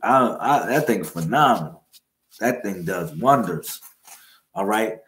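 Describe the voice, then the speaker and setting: A man's voice: on the low side, expressive, measured pace, fairly bright tone. Man teaching casually on a livestream. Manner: loose, repetitive slang-filled talk addressing viewers. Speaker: livestream host.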